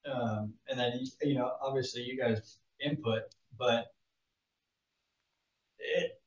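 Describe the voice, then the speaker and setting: Guy guest on a podcast, kinda far from the mic, echoey room, dull lo-fi sound, halting talk. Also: mid-range voice, fairly even intonation. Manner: halting, hesitant, many fillers and restarts. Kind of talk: casual podcast chat. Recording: roomy, distant, dull mic.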